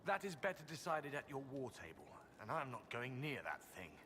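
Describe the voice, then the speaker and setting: An actor playing a brisk, proud male steward in a video game, formal and wry in manner. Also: mid-range voice, big pitch swings, sharp tone, slight background noise.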